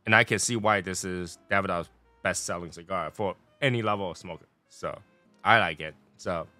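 Bright-voiced man reviewing cigars. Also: low-pitched, normal speed, faint music behind. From Taiwan. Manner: chatty, rambling, playful tangents. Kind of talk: casual review vlog.

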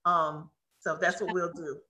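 Excited woman running a live webinar on a video call, crisp bright voice, lots of restarts. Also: fairly low pitch, a little slow. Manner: excited, effusive, many restarts. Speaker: webinar host.

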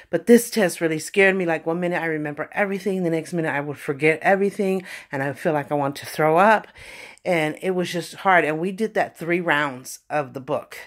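A woman telling personal stories in a casual, conversational way, often saying "you know". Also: low voice. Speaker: vlogger.

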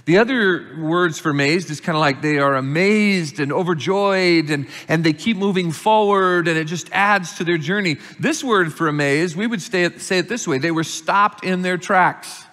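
Male pastor, middle-aged, higher-pitched, sermon with long church reverb. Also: moderate pace, few pauses. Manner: explains scripture calmly, rises in pitch and volume reading verses. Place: church sanctuary.

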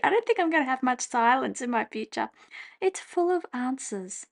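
A woman, chatting casually at her desk as she journals, laughing often and breaking into excited exclamations. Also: sits high, moderate pace, vocal fry. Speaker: journaling vlogger. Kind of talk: casual chat while journaling. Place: home desk.

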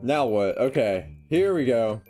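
An excitable young man talks through his game session, joking at his own expense and yelping whenever he slips up. His voice sits at an ordinary middle pitch, and faint music plays behind him. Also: unhurried. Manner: excitable, self-mocking, yelps when failing. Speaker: gaming YouTuber. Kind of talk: casual gameplay commentary.

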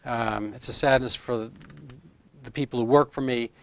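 In this clip, a man in his fifties, a medical doctor, talks in a casual interview, meandering through his explanations with homespun comparisons. His voice sits in the mid-range, with a steady tone and a normal pace.

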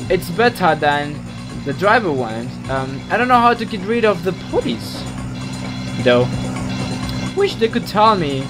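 A man giving playful, rambling let's-play commentary in a deliberately bad put-on British accent, mocking himself as he goes. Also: high-pitched, very animated, music in the background. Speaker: gamer.

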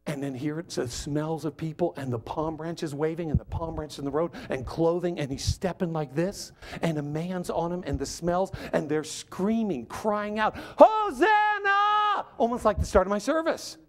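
A male guest preacher gives a lively sermon in a chatty, humorous style. His voice sits notably high. He talks to the congregation as if telling a story among friends. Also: moderate pace, hardly any pauses. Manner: animated, joking, conversational.

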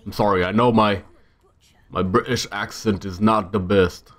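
This let's-play features a young gamer with a lowish, fairly bright voice, speaking at a moderate pace with fairly even intonation. He chats casually to himself about his gameplay and occasionally bursts out in exasperation.

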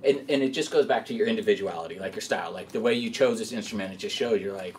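A man's voice: lowish voice, a little fast, a little mellow. A male podcast host chatting casually with a guest in a laid-back, slangy way. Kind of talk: casual interview chat. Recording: distant mic with faint noise.

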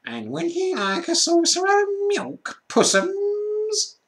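A man's voice: very high-pitched, very animated, slow, creaky, fairly bright tone, voice pushed up, full character voice. A man voicing a mob of spiteful creatures who jeer and taunt in a storybook reading. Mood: mocking taunts. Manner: taunting, sneering.

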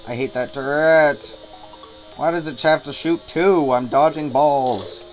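A man's voice: on the high side, a little slow, poor audio. A man giving casual commentary while playing a hard game, frustrated, swearing, and muttering and humming to himself while worn out from staying up all night. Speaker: let's player. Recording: game music loud underneath. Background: game music.

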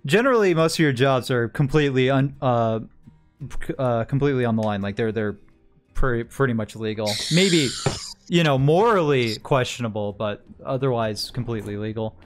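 A man's voice: medium pitch, animated, fairly quick, faint music behind. Rambling male game master. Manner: rambling, many fillers and restarts. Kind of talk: narrating a tabletop game.

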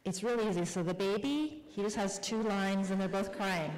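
A woman author casting audience volunteers for a live reading, friendly and quick to laugh. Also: medium pitch, a little mellow, slight background noise. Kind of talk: casual talk to a live audience. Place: public library event room. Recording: long hall reverb.

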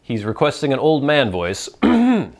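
A man's voice: mid-range voice, expressive, normal speed. A man hosting a casual solo show, answering viewer questions in a rambling, self-deprecating, conversational way. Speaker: host.

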